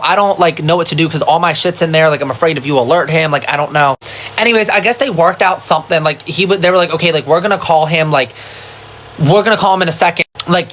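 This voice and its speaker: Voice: medium pitch, slight background noise. A storyteller in a casual storytime video. They swear a lot, fill every sentence with "like," and retell the story dramatically, acting out what other people said. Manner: chatty, swears a lot, constant "like" fillers; dramatic, animated retelling with quoted voices.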